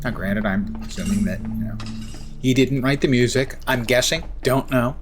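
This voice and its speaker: Male game streamer, mid-pitched, dry self-mocking humor, loose live chatter. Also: normal speed, soft background music. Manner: wry, self-mocking asides. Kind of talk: casual gameplay commentary.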